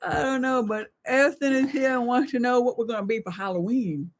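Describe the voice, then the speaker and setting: An older woman co-hosting a casual live chat, backing up her partner with agreeing murmurs. Her voice sits fairly high, with a faint hiss behind it. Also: brisk. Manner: supportive, frequent agreeing murmurs. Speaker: co-host.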